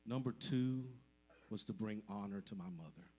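Over soft background music, a man with a lowish, mellow voice speaks at normal speed to his church congregation during a service. As a church member, he offers an emotional, grateful testimony from the heart.

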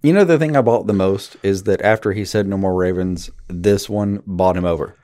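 A man's voice: sits low, moderate pace, mellow. A man co-hosting a podcast, chiming in with short, agreeable remarks in casual chat. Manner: brief, agreeable interjections. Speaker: podcast co-host.

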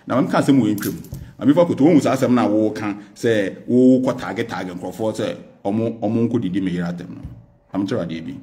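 A man's voice: on the low side, fairly quick, mellow. A man with a Ghanaian accent, speaking as a guest in an unscripted TV interview, talking defiantly and emphatically, mixing English with Twi. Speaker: political guest.

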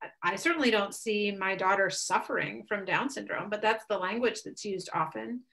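Earnest woman speaker, thirties, bright voice, thoughtful pace. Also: medium pitch, moderate pace, vocal fry. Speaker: guest speaker. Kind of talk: webcast talk with Q and A.

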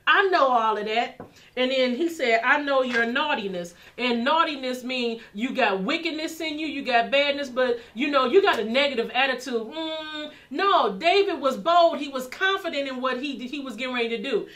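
Bright high-voiced woman preaching passionately. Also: animated, moderate pace. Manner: passionate, building and repeating phrases. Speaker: minister. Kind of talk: sermon.

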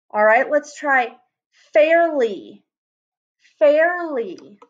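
A woman teacher giving a phonics lesson to children, sounding out words slowly and repeating them. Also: on the high side, fairly bright tone. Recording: dull lo-fi recording.

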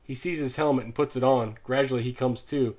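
A man reading a novel aloud as an audiobook narrator, measured and sinking low and soft in grim passages. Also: fairly even intonation.

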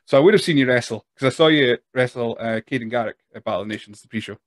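A Speyside Scottish accent marks this man in his thirties from northeast Scotland, who hosts a casual interview podcast in a rambling, self-deprecating manner. He talks very fast at a medium pitch, and the recording is studio quality with no echo.

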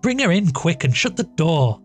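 A man voicing a hearty, mischievous young country woman who talks brisk and impatient. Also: a little high, sing-song, soft background music, pitched above the performer's own voice. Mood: bossy.

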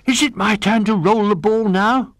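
A man voicing a big, excitable toy dog who pleads impatiently for his turn. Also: high-pitched, normal speed, no echo, studio quality, voice pushed up. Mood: eager.

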